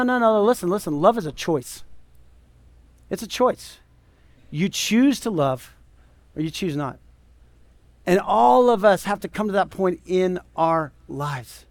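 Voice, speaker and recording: High-voiced man preaching a sermon. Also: dry recording. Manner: conversational, emphatic preaching with rhetorical questions. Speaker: pastor.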